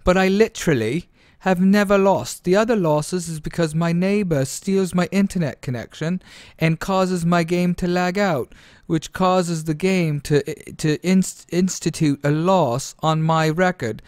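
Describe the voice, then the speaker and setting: A man's voice: high-pitched, measured pace, a little mellow, no room sound, studio quality, pitched above the performer's own voice. A man voicing a boastful male gamer who makes excuses for every loss, in a somewhat raised voice. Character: boastful male gamer claiming he never loses.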